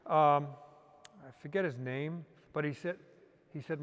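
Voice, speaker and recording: A man with a somewhat high voice tells stories in a loose, rambling way, often restarting his sentences. His voice trails off into a long reverb, as if recorded in a large hall. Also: normal speed. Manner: rambling, with frequent restarts and "you know". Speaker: interview guest, car hunter. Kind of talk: casual storytelling.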